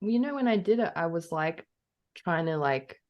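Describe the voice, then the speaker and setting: A woman's voice: on the low side, lively intonation, normal speed, highs cut off. A woman co-hosting a podcast in casual chat, giggly and hesitant, with a self-effacing manner. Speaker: podcast co-host.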